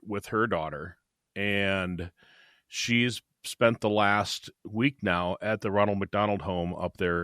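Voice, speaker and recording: An older man co-hosting a podcast, talking in a casual, halting way and stumbling over repeated words as he gets emotional. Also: fairly low pitch, fairly bright tone, no echo, studio quality. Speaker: podcast co-host.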